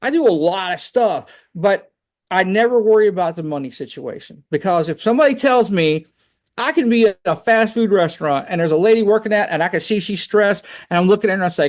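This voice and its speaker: A man telling personal faith stories on a video call, animated and chatty, often saying "man". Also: sits high, brisk. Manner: animated storytelling, fillers like "man". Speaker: guest speaker. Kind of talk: casual testimony on a video call.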